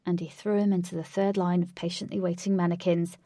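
A woman narrating an adventure story in a steady, clear storytelling voice. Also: lowish voice, brisk, dry recording, studio quality.

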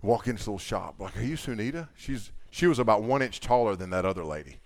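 Lively male camp preacher telling a story. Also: fairly low pitch, quick pace, no room sound. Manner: animated storyteller, acts out dialogue, swings from loud to hushed. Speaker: camp speaker. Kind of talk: youth camp sermon storytelling.

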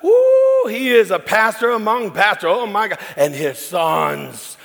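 Guy doing his loud bragging uncle, way up high, hollers and whoops, big echoey hall. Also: measured pace, gravelly, exaggerated voice. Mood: gushing. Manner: boisterous, whooping, gushing. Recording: long reverb in a large hall.

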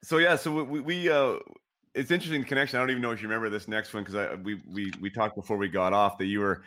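Brief: male host, low voice, quick conversational patter. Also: fairly even intonation, sharp tone. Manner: quick, conversational, filler-heavy. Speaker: host, former pro hockey player. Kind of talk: casual interview chat.

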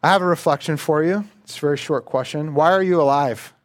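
A man, a pastor, preaching a sermon in a relaxed, conversational way, often repeating words as he starts a thought. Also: on the high side, quick pace.

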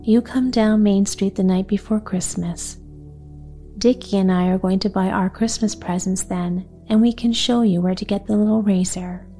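A woman's voice: medium pitch, steady tone, dark tone, faint music behind, lightly acted. A woman reading aloud, voicing a practical little neighborhood girl who talks in a reasonable, coaxing way. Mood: eager. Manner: reasonable, coaxing, quick talk.

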